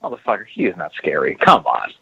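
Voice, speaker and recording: A man co-hosting a podcast in casual chat, profane and expressive, mimicking other people. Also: low voice, fast, muffled recording, a crowd in the background. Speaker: podcast co-host.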